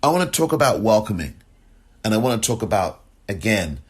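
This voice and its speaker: A man's voice: lowish voice, sing-song, fairly quick, breathy edge. A man hosting a podcast, delivering impassioned, indignant opinion commentary full of rhetorical questions. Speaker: podcast host.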